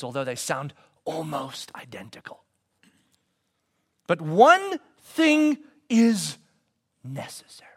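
Male pastor, sermon, fairly high voice, animated, drops to whispers, chatty questions to the congregation. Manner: animated, swings from loud emphasis to soft whispers; conversational, asks the congregation questions.

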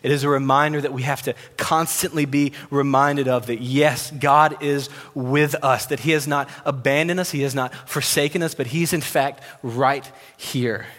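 A man's voice: medium pitch, fairly even intonation, normal speed, few pauses. Young man preaching in a reverberant hall. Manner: storytelling, drops to a hush for God's words. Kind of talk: sermon. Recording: long reverb of a large hall.

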